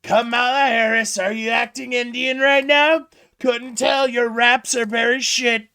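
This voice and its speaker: A man's voice: extremely high pitch, fairly even intonation, unhurried, sharp tone, clear, resonant tone, voice pushed up, full character voice. A man putting on a sneering, mocking voice for an imagined insult rap line.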